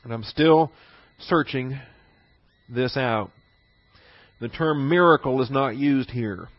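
A man's voice: medium pitch, slow pace, dry recording, muffled recording. A man teaching through a Bible passage, repeating key phrases and posing rhetorical questions to his listeners.

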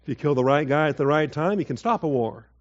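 A man giving a conversational verse-by-verse Bible teaching, with asides and quick acted quotes. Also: fairly high pitch, lively intonation, highs cut off.

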